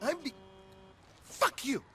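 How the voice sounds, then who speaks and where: An actor playing a frantic, paranoid cousin who yells in panic in a video game. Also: male voice, takes it slowly, full character voice. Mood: panicked. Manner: shrill, frantic yelling. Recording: game audio with steady background noise.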